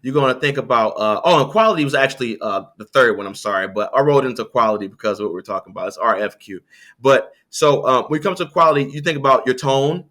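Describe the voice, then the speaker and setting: A man speaks as a guest on an interview show, coaching listeners on sales calls. His voice is bright and sits at a middle pitch. He talks in an animated way, often restarting his sentences. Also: fast. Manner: animated, lively pitch swings, frequent restarts.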